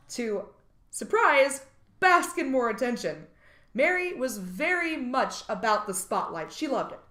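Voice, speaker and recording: High-voiced woman telling a true crime story, voice jumps all over, bit of room echo. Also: a bit bright. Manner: reads case details, then jokes and swears. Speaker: podcast co-host. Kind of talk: true crime podcast chat.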